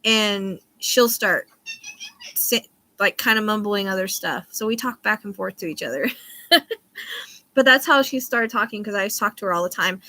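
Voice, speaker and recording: Female livestream host, psychic chat, bright tone, loose and rambling delivery. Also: medium pitch, normal speed. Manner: rambling, often loses her train of thought; laughs easily between thoughts. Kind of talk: casual live-stream chat.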